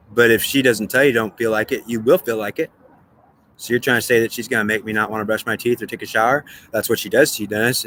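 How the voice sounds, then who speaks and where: A man's voice: medium pitch, a bit bright. A man talking alone to the camera, playing both sides of an earnest, repetitive argument with himself. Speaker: vlogger. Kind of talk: solo monologue, arguing with himself in two voices.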